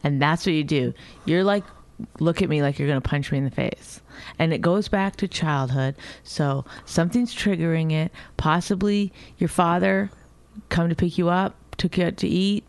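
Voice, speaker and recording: A woman's voice: on the low side, normal speed, dry recording. A middle-aged woman co-hosting a podcast, bickering and teasing her partner, retelling things with exaggeration. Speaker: podcast co-host. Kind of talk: casual bickering chat.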